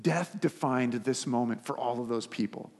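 A pastor delivers a sermon in an average-pitched male voice, earnest and steady. He builds emphasis through repeated phrases, then softens for quoted lines. The sound rings with the long reverb of a large hall. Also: normal speed, breathy edge.

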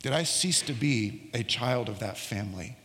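A middle-aged man preaching a sermon as pastor, telling a personal story and slowing down to stress key words. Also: medium pitch, expressive, a bit bright, big-room sound. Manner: storytelling, slows down for emphasis.

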